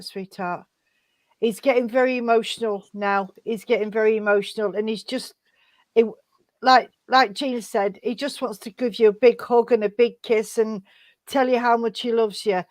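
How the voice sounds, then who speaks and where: A woman's voice: fairly high pitch, no room sound. A woman acting as a spiritualist medium, tenderly passing on messages and calling the listener sweetheart and darling. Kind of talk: relaying spirit messages in an online service.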